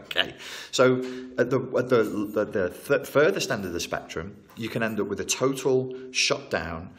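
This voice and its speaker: Deep-voiced man explaining trauma. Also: moderate pace, slight background noise. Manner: animated, repetitive, emphatic, self-correcting. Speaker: therapist working with trauma. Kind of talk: interview explanation.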